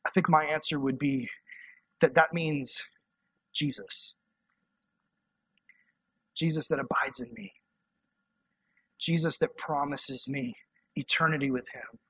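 A young man preaching a sermon as a youth pastor, conversational and impassioned, sometimes dropping to soft, intimate tones. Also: a little high, steady tone, slow, pauses often, slightly rough, no echo.

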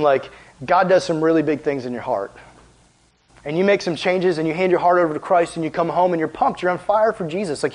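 A man preaching as a youth pastor in a casual, animated, conversational way, with lots of filler words. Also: a little high, poor audio. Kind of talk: casual sermon.

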